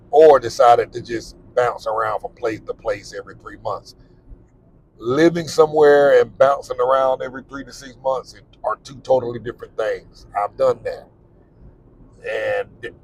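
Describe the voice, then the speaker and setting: A man's voice: mid-range voice, a little hiss or hum, rough recording. A middle-aged man gives candid, repetitive, plain-spoken advice about living abroad while he drives. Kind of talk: casual advice monologue while driving. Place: in a car.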